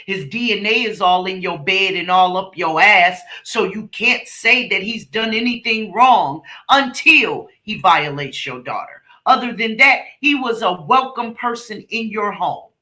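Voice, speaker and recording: A woman's voice: mid-range voice, expressive, unhurried, few pauses, pushed and bright, echoey room. A woman hosting a livestream, delivering heated, profane and scornful commentary. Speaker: channel host, commentator.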